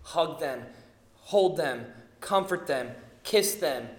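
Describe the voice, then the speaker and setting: A man in his thirties preaching a sermon, telling family stories with lively acted-out quotes. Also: fairly high pitch, slow pace, roomy sound. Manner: animated storytelling, acting out quotes. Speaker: pastor.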